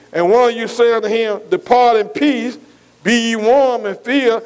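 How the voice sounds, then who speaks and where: High-voiced preacher calling for agreement. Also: male voice, low-quality recording. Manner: call-and-response, repeatedly asking the congregation for agreement; folksy, colloquial Southern US grammar. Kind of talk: sermon.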